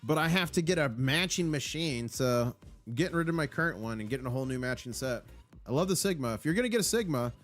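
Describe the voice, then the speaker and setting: A man hosting a casual live stream, reading out viewer comments in an upbeat, rambling way. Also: medium pitch. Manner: rambling, with fillers and restarts. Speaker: livestream host.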